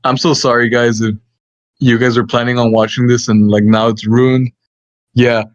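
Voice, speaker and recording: A man's voice: mid-range voice, little pitch movement, dry recording. Young man chatting on a lo-fi mic. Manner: halting, laughs often. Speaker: podcast co-host. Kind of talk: casual chat. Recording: dull lo-fi dry mic.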